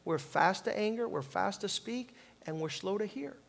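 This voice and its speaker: A man preaching a sermon as pastor, calling on the congregation to repeat lines and swinging from quiet reflection to loud emphasis. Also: sits high, animated, normal speed, creaky. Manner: preaching with call-and-response, swings from soft to loud.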